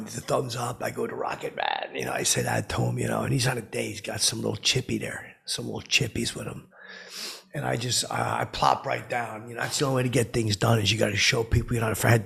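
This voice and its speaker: A clueless, self-important braggart, as a man puts him on for a comedic monologue, his voice gravelly and rough with a husky, raspy edge. He rambles through his boasts, looping back on himself again and again. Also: mid-range voice, a bit bright, heavily acted. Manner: rambling, self-aggrandizing, repeats "I go". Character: boastful, clueless middle-aged man telling tall tales.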